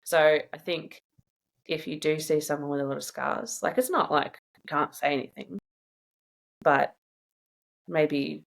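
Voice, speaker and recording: A woman in a casual interview, telling personal stories in a chatty, animated way and laughing often. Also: low voice, a little slow, gravelly, pauses often. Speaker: guest sharing her own experience.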